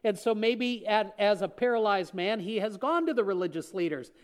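A man's voice: high voice, expressive, normal speed. A man preaching a sermon, retelling a story and acting out the lines of the people in it. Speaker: pastor.

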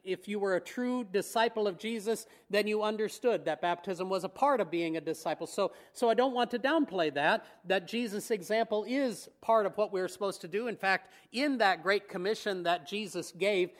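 A male preacher delivers a sermon in a relaxed, conversational way, often asking his listeners rhetorical questions. His voice sits high for a man. He keeps his tone easy and light, with a chuckle here and there. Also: moderate pace, hardly any pauses.

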